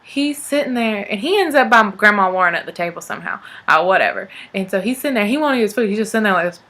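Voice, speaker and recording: Bright-voiced young woman telling a story. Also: mid-range voice, animated, fast talker. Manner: chatty, laughing, acts out family members' lines. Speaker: vlogger. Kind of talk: casual storytelling.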